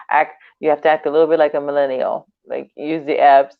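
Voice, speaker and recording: A woman's voice: low-pitched, level tone, normal speed, creaky, no room sound. A woman co-hosting a podcast in casual chat, laughing often and acting out quoted dialogue. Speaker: podcast co-host. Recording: dry, tinny phone-like line.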